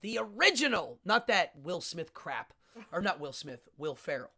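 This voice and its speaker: A man's voice: sits high, very animated, normal speed, vocal fry, sharp tone. A man hosting a live internet show, chatting casually and rambling with frequent laughs. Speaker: host. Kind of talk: casual live-stream chat.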